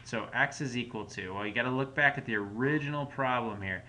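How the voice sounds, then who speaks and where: A man's voice: medium pitch, a little fast, sharp tone, a little hiss or hum. A man teaching a recorded math lesson at home, explaining each step patiently in a casual way. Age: adult parent.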